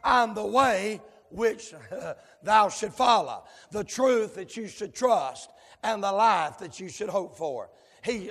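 A male preacher delivering a fiery sermon in rhythmic cadences, dotted with amens and sudden shouted whoops. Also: high voice, breathy edge. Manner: rhythmic cadences punctuated with amen. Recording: long hall reverb.

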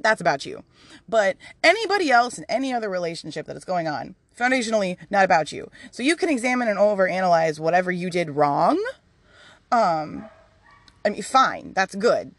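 A woman's voice: medium pitch, a bit bright. A woman talks through her own podcast in a frank, chatty monologue, swearing without a second thought. Her voice sits mid-height and moves a lot, rising and dipping with feeling. She is recorded outside in a yard, and the sound stays dry, with no room echo. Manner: candid, chatty, swears freely. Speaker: podcast host. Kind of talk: casual personal podcast monologue. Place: outdoors in a yard.

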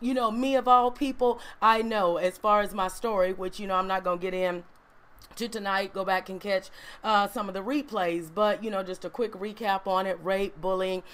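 A woman's voice: mid-range voice, steady tone, moderate pace, fairly bright tone. A woman hosting a faith-based livestream, chatty and encouraging, often tagging "right?" onto her sentences. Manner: chatty and encouraging, peppered with "right?" and "you know". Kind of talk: casual inspirational talk to a live audience.

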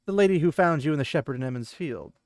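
Courtly old minstrel, male, eager to please, read by a man, slightly high pitch. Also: animated, fast, a little mellow, no room sound, clean studio sound.

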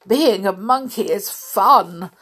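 A woman voicing an excitable boy raised in the jungle, shouting in a high, eager voice. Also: slow pace, slightly rough. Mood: delighted.

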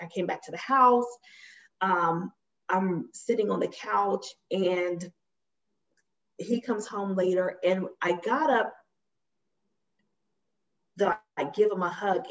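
A woman telling a personal story on a podcast in a casual, animated way, acting out quotes and laughing often. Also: mid-range voice. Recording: slightly dull lo-fi sound.

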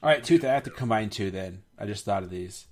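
Animated young man telling stories. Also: on the low side, quick pace. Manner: laughs often, lively storytelling. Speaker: podcast host. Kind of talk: casual podcast chat.

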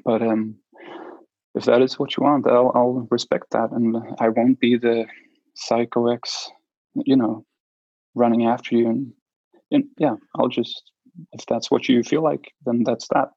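A man in an interview telling a personal story, halting and restarting often as he speaks. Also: mid-range voice, level tone, darkish tone, breathy edge, dry recording, muffled recording. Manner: halting, with many restarts and fillers. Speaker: interview guest.

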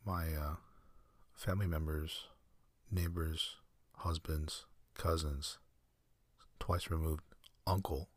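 A man hosting a sleep podcast, talking in a soft, slow, meandering half-whisper with dry self-mocking humor. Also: extremely low pitch, fairly even intonation, no room sound. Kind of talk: rambling whispered bedtime monologue.

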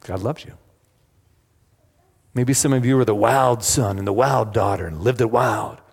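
A man's voice: mid-range voice, moderate pace, creaky, husky. A man preaching a sermon, engaging the congregation with questions and emphatic retellings. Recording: long hall reverb.

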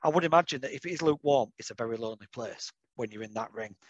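A man hosting a casual interview, enthusiastic and full of quick affirmations. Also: mid-range voice, no echo, dull audio. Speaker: podcast host.

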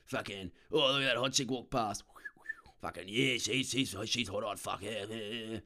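A man's voice: lowish voice, unhurried, bright, forceful tone. A man doing a crude jeering construction worker.

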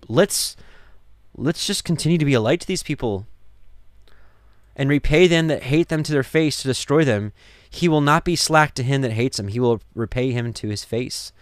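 Male Torah teacher, mid-pitched, earnest and chatty between verses, dry close recording. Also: dry recording. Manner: earnest, conversational, many restarts and "you know". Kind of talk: scripture reading with sermon-like commentary.

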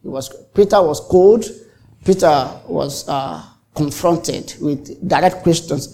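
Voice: medium pitch, slow pace, dark tone. A pastor preaching a sermon, repeating and restarting phrases for emphasis and acting out the exchanges he tells. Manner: dramatic, acts out the quoted exchanges.

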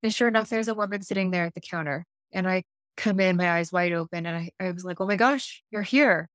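A woman who works as an intuitive life coach, telling a story in a podcast interview in an animated way and acting out the dialogue. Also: lowish voice, fast talker, no room sound, clean studio sound. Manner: animated, acts out dialogue in her stories; frequent self-restarts and fillers.

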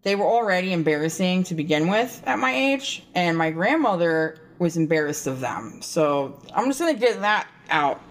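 A woman's voice: on the low side, very animated, moderate pace, few pauses. A woman co-hosting a podcast, telling a rambling, profane story in casual chat. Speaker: podcast co-host.

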